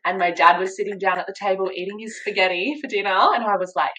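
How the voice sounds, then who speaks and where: A young woman with an Australian accent tells a personal story in a relaxed chat. Her voice sits a little low, and she slips into lively quoted voices. She laughs easily as she goes. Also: quick pace, few pauses, low-quality recording. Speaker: podcast guest. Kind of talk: casual storytelling.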